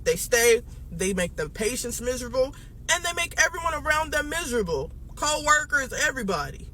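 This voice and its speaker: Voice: mid-range voice, sharp tone, slight background noise, rough recording. A speaker ranting with scorn and sarcasm about unhappy co-workers. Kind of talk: ranting commentary.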